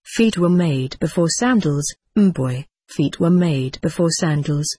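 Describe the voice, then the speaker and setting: A woman's voice: deep voice, animated, a little slow, mellow, slightly rough, exaggerated voice. A woman voicing a stern, pompous older male monk who bullies the boys in his charge, read in a plain storybook manner. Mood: gruff. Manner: scolding, blustering, then falsely sweet.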